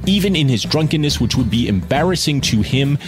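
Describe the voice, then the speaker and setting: A man's voice: mid-range voice, expressive, a little fast, music in the background. A man reading a novel aloud and breaking off into passionate, profane commentary to his listener. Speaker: reader and commentator. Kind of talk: audiobook reading mixed with casual commentary.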